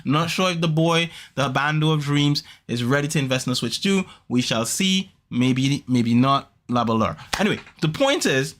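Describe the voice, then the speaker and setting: A man hosting a podcast, telling a story in casual chat, rambling and animated, with quick restarts and repeats. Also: medium pitch. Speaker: podcast host.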